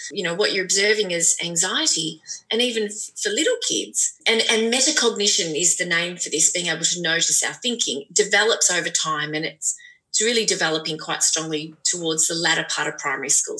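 Bright-voiced woman explaining gently. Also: fairly low pitch, low-quality recording. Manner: thoughtful, explanatory, many restarts. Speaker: parenting expert guest. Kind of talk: podcast conversation.

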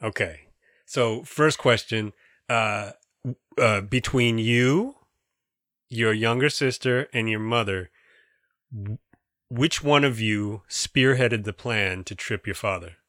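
A man's voice: fairly low pitch, slow pace, long pauses, fairly bright tone, no room sound, studio quality. A man co-hosting a podcast, asking questions in a playful, mock-serious way. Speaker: podcast co-host. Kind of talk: casual podcast interview.

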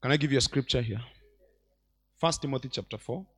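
A man preaching a sermon in church as bishop, swinging between loud exclamations and quiet asides. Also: mid-range voice, a little fast, slightly rough. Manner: animated preacher, mixes shouts with quiet asides.

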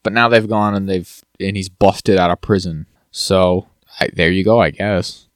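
Low-voiced man chatting on a podcast. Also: unhurried, no room sound, studio quality. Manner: rambling, animated, slips into mock quotes of characters. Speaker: podcast co-host. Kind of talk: casual chat recapping TV.

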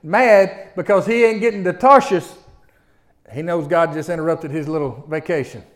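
A middle-aged man preaching a sermon. He speaks in a folksy, animated way and often turns to address the listeners directly. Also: a little high, moderate pace.

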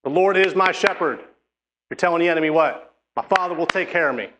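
Emphatic man preaching, slightly high voice. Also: fast talker, a bit bright, slight background noise. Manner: emphatic, exhorting, with frequent restarts. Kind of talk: sermon with scripture reading.

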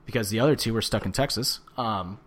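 A man co-hosting a casual wrestling podcast, ranting and swearing with animated bursts of shouting. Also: lowish voice, fast. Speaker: podcast co-host. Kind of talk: casual wrestling recap chat.

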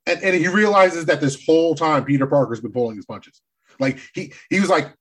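A man co-hosting a casual movie discussion, excitable and animated, swearing freely as he talks. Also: on the high side, brisk, slightly rough. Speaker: podcast co-host.

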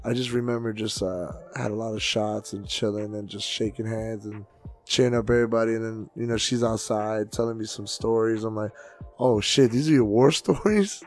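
On a podcast he co-hosts, this gravelly-voiced man, who is also a DJ, tells loud, profane stories casually. He acts out other people's voices with big swings in pitch and volume.

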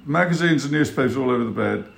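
A man's voice: medium pitch, expressive, quick pace, creaky, reverberant. A man interviewing a guest, prompting with casual conversational questions.

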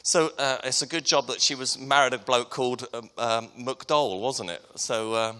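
Preaching casually in a church hall, a Hertfordshire man in his thirties with an English accent keeps things chatty, joking, and self-deprecating. His mid-range voice is smooth yet sharp in tone, with fairly even intonation and a moderate pace. Long hall reverb colors the recording.

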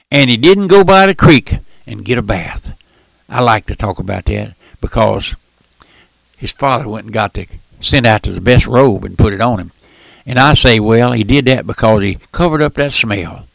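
Gravelly older preacher. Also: male voice, medium pitch, no room sound. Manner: impassioned, folksy, calls out "my friend", surges loud then drops soft. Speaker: radio preacher. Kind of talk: fervent radio sermon.

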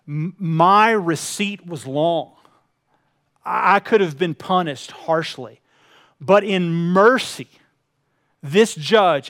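A man preaching a sermon, telling a personal story earnestly, dropping to hushed tones and then building in intensity. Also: sits high, no room sound, studio quality. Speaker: pastor.

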